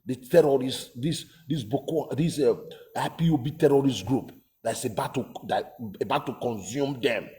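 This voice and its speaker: A man's voice: medium pitch, normal speed, dark tone. A man giving emphatic, casual political commentary, repeating himself and asking rhetorical questions.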